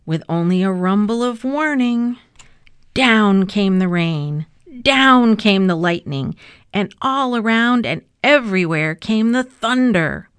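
A woman voicing a calm, dryly teasing old grandfather who tells a story in a storybook reading. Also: medium pitch, takes it slowly, clear, resonant tone, no echo. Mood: storytelling.

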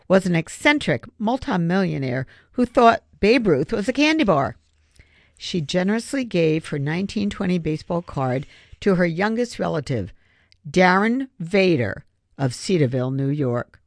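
Gravelly audiobook narrator. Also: medium pitch, moderate pace, no echo, clean studio sound. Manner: steady storytelling.

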